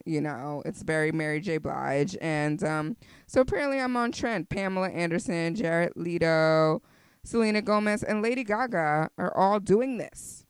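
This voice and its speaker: Chatty woman podcast host, low voice. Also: normal speed, smooth, no room sound. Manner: chatty and expressive, lots of fillers. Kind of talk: casual solo podcast chat.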